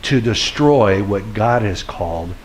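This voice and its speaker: A middle-aged man, a pastor, giving a sermon in an earnest storytelling way that builds to forceful preaching. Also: on the low side, animated, takes it slowly, a little hiss or hum.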